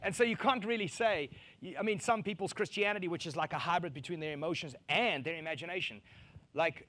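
A man preaching a sermon, animated, acting out quoted voices to mock them and laughing between his points. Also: fairly high pitch, fast. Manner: animated, acts out mocking quotes.

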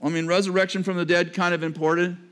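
High-voiced man preaching a lively sermon. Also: fast, clear, resonant tone. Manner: conversational preaching with joking asides and sudden drops to a low register. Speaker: pastor.

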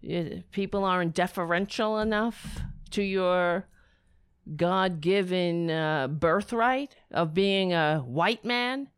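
A woman delivers solo commentary in an indignant, incredulous rant, throwing out rhetorical questions. Her pitch is animated and climbs high when outraged, though she speaks at an unhurried pace. The sound is dry and close. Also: smooth, no echo. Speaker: political commentator.

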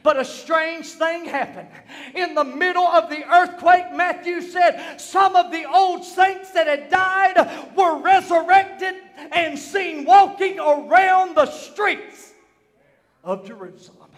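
A man preaching a fervent sermon, swinging between shouting and hushed tones. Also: very high voice, takes it slowly, in a large hall.

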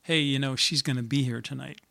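A man's voice: medium pitch, fairly even intonation, brisk, creaky, sharp tone. A middle-aged man, a singer-songwriter, telling in an earnest, reflective way how he came to write a song. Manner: reflective, earnest storytelling with fillers. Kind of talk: spoken story about writing a song.

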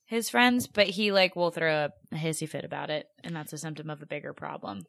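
A woman's voice: sits low, fairly even intonation, brisk, gravelly, a bit bright, no room sound, studio quality. A woman co-hosting a casual chat, agreeing easily and guessing freely.

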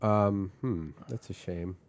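A man hosting a casual podcast chat, telling stories with lively bits of impression. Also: low-pitched, takes it slowly, dry recording, clean studio sound. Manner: animated storyteller, slips into impressions. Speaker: podcast host.

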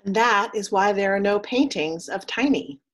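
A woman minister delivering a story sermon in a soft, slow, solemn manner, leading a call and response. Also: mid-range voice.

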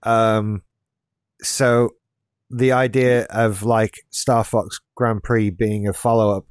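A man's voice: fairly low pitch, little pitch movement, slow, clear, resonant tone, dry recording, clean studio sound. A man in his late thirties co-hosting a podcast, chatting casually in a laid-back, rambling way with restarts and wry asides. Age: late 30s. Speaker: podcast co-host. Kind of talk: casual chat.

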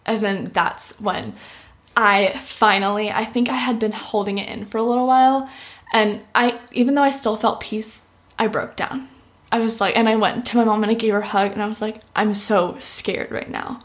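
A woman's voice: mid-range voice, fairly even intonation, normal speed. A young woman giving a heartfelt personal testimony in an interview, with lots of "like" fillers. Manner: heartfelt, uses "like" often. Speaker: interview guest.

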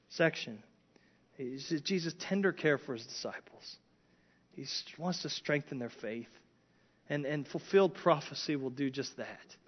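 A man preaching an expository sermon, earnest, with frequent restarts and rising emphasis on key points. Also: mid-range voice. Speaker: pastor. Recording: dull lo-fi sound.

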